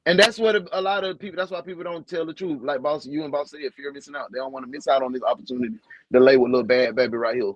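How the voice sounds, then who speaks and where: A man co-hosting a casual podcast, talking bluntly and profanely, jumping from loud outbursts to low mumbles. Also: very fast, dry recording, muffled recording. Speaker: podcast co-host. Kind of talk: candid casual podcast chat.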